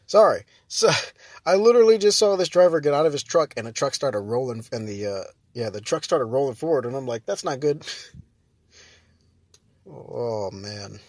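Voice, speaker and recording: The podcast is his own, and this man talks casually in a mid-range, slightly mellow voice with lively intonation and a moderate pace. The sound is dry and clean, studio-like, as he rambles, laughs often, and cuts himself off mid-sentence.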